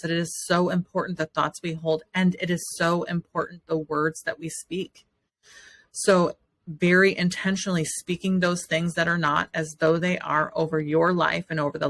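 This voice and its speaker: A woman hosts a podcast, delivering a motivational monologue full of affirmations in an earnest, encouraging way. Her voice sits low and is gravelly yet fairly bright, heard on a dry recording.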